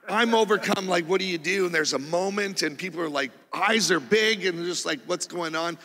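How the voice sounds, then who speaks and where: A man preaching, telling a testimony story in an animated way with loud bursts of exclamation. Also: fairly high pitch, normal speed, vocal fry, hardly any pauses. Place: church sanctuary. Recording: reverberant church hall.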